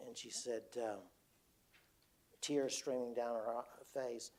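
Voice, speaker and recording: Older man, gravelly, mid-pitch, halting storyteller at a lecture. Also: level tone, a little mellow. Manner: halting, repeats words, quotes others. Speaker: speaker. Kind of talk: storytelling talk.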